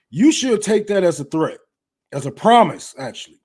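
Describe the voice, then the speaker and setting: A young man from Detroit hosts a livestream and rants in a blunt, heated, profanity-laden way. His voice sits high for a man, and he talks fast and loose like casual talk among friends. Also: animated, darkish tone, husky. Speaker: livestream host.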